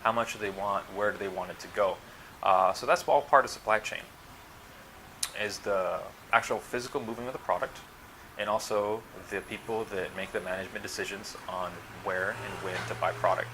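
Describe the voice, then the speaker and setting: A man from the United States with a somewhat low but bright, forceful voice talks casually to his viewers. He explains his consulting work patiently, one step at a time, with a faint hum of room noise behind him. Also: moderate pace, poor audio. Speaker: supply chain consultant and channel host. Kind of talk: casual explanatory talk to camera.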